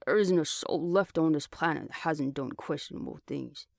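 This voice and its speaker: A brash young man who ribs his friend without mercy and brags with easy confidence, voiced by a man reading aloud. His voice sits fairly high for a man, with a dry, close sound. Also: moderate pace, creaky, no room sound. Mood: teasing. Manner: teasing, blunt. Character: cocky teasing young man, a survivor.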